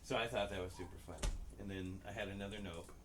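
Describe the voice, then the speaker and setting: A man's voice: low voice, fairly even intonation, fast talker, background noise. A man co-hosting a podcast, telling casual rambling stories full of swearing and acted-out dialogue. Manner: profane, rambling, acts out quoted dialogue. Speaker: podcast co-host. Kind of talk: casual storytelling chat.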